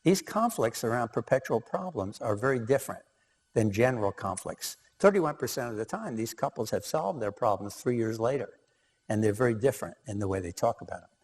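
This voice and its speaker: A man lecturing about relationship research in a loose, conversational way. His voice is husky, and his pitch rises and falls in a lively way. Long reverb fills the hall around him. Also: fairly quick. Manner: conversational, with many fillers. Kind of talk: lecture presentation.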